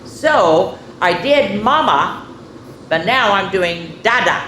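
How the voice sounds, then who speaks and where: Slow, lively storytime woman, roomy echo. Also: mid-range voice, a little hiss or hum. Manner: cheerful, playful, talks directly to young listeners. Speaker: children's story time host. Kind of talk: reading a picture book aloud to children.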